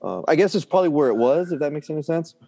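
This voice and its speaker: A man's voice: a little high, expressive, rapid-fire, vocal fry, dark tone. A middle-aged man telling a story in a casual chat, full of fillers and restarts, often laughing. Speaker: guest.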